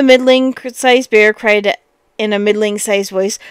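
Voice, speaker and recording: Reading a fairy tale, a woman uses a smooth, fairly high voice and an expressive delivery punctuated by occasional lively exclamations. She is recorded close, with no echo, at a measured pace.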